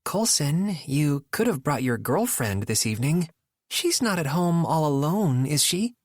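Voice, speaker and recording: A man's voice: on the high side, very animated, a little slow, no room sound, studio quality, voice pushed up. A male narrator voicing a tense young woman hosting a dinner, clipped and stiffly polite. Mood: pointed.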